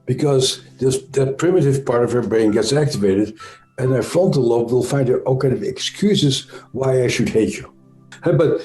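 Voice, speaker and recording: A man with a Dutch accent, an interview guest explaining ideas in a thoughtful, halting way with frequent pauses and self-corrections. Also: mid-range voice, warm tone, reverberant. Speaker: interview guest, trauma expert. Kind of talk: conversational explanation.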